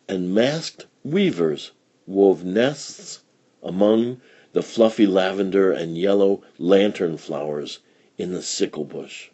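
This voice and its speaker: A man reading a children's picture book aloud in an expressive, storytelling manner. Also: low-pitched, husky, highs cut off.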